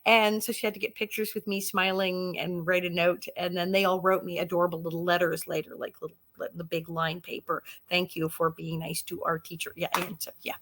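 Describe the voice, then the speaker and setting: A woman in her sixties, a guest actress, telling lively anecdotes in a casual interview and laughing often. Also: fairly low pitch, a little fast, hardly any pauses.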